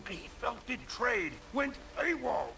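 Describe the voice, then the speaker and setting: An actor playing a military officer in a game cutscene who speaks in a measured, persuasive, commanding way. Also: male voice, extremely high pitch, sing-song, gravelly, bright, forceful tone, faint music behind, exaggerated voice. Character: stern military officer recruiting a soldier.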